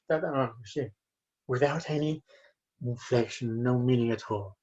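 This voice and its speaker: A man with a Chilean Spanish accent giving a university lecture on reading aloud, with frequent fillers and pauses. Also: medium pitch, darkish tone. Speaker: university English teacher. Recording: dull lo-fi sound.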